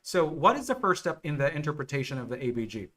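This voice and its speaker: A man teaching nursing exam material on a live stream, explaining slowly and checking in with viewers often. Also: fairly high pitch, sing-song, bright, forceful tone. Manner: slow, repetitive explaining with frequent okay and right checks.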